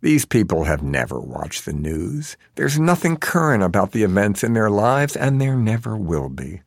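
A man's voice: lowish voice, sing-song, normal speed, no echo, clean studio sound. A man narrating an audiobook in a wry, sardonic manner.

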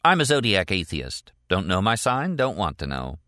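A man voicing a polite, reserved, bookish young man in a low voice. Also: wildly swooping pitch, moderate pace, pushed and bright, no room sound, clean studio sound, heavily acted.

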